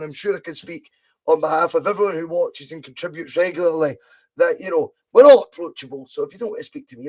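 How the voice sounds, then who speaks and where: A Scottish man hosting a relaxed live podcast, high in pitch. He talks in a chatty, loose way, laughs often and swears casually. His voice sounds a little strained. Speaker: podcast host.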